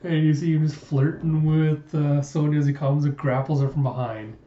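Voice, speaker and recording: A man's voice: fairly high pitch, level tone, moderate pace, dark tone. A man casually reading a comic aloud, narrating the scenes and chuckling along the way. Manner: chatty, laughs at the story, frequent restarts. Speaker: comic reader. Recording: roomy, dull lo-fi sound.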